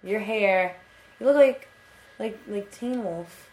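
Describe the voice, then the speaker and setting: A young woman in her twenties chats into a computer mic on a casual podcast. She tells her story in a loose, rambling way and swears freely. Her voice sits at a middling pitch. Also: takes it slowly, a little mellow. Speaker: podcast co-host. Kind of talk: casual chat.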